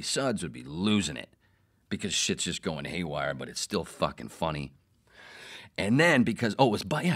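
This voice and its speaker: Low-voiced man telling a profane story. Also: slightly rough. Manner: profane, animated, acts out quotes. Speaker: podcast host, former radio producer. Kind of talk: casual storytelling monologue.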